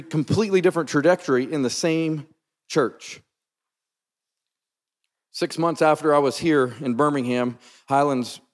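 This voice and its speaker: A man preaching a sermon, telling a personal story in an earnest, emphatic, conversational way. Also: mid-range voice. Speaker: pastor. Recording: long reverb from a large hall.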